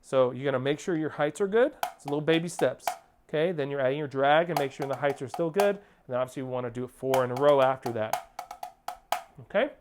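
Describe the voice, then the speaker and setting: A man's voice: medium pitch, fast talker, over music. Man coaching drum rudiments. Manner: coaching, counts off and sings rhythms as syllables. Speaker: percussion teacher. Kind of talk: instructional drum lesson. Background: percussion playing.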